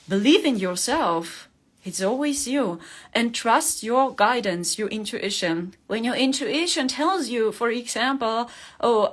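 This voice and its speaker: Woman, fairly high voice, earnest coaxing spiritual talk, laughs often. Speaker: spiritual livestream host.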